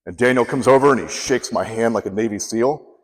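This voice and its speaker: A man's voice: mid-range voice, brisk. A man giving a humorous storytelling speech, acting out the people he quotes. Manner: animated, acts out quoted people. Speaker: contest speaker. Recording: long hall reverb.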